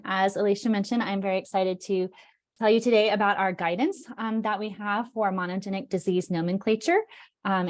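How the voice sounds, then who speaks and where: A woman's voice: mid-range voice, darkish tone. A woman giving an online presentation over a video call, explaining with energy and often checking in with "right?".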